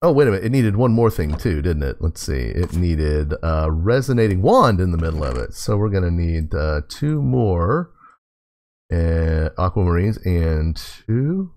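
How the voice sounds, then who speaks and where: A man with a low, darkish voice comments on his game as he plays, addressing the in-game animals and often laughing. The gaming host is very animated, though he speaks a little slowly in this laid-back let's play.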